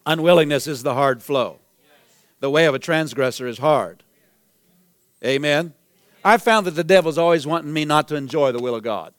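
A man preaching a sermon as pastor, emphatic and repetitive, building to shouted declarations. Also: fairly high pitch, normal speed, pauses often, no echo. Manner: emphatic preaching, repeats phrases, rises to shouts.

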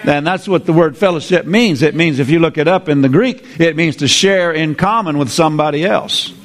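A man preaching a sermon, lively, repeating his phrases and drawing responses from the congregation. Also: on the high side, brisk.

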